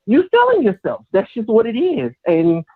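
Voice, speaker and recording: Guy calling in on a tinny phone line, halting, says stuff twice. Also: sits high, wildly swooping pitch, breathy edge, no echo. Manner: halting, repeats himself. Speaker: caller. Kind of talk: phone call into a talk show.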